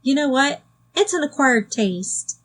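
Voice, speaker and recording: Sardonic high-voiced woman reviewer. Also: lively intonation, unhurried, fairly bright tone, faint music behind. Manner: sardonic, wry asides. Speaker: video reviewer. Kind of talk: sarcastic cartoon review commentary.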